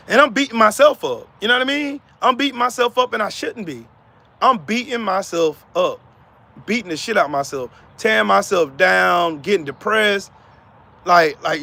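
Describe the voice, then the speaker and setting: A man hosts a heated live-stream rant, his voice pitched high with a sharp, bright edge and a gravelly rasp. He swears freely, circles back to repeat his points, and calls out to chat viewers by name. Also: moderate pace. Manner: profane, fired-up, repetitive.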